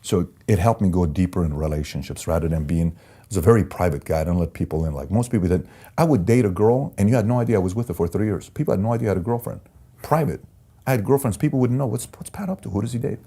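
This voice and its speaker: A man's voice: sits low, fast talker, husky. A man from Iran, a guest in an interview, telling candid personal stories and acting out the voices of people he quotes. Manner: animated storyteller, acts out quoted voices. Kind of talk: candid storytelling in conversation.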